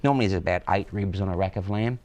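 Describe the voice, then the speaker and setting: A man's voice: deep voice, fast talker, darkish tone. A man, a butcher, explaining outdoors step by step how to prepare a cut of meat. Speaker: butcher guest. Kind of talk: cooking demonstration. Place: outdoors in the sun.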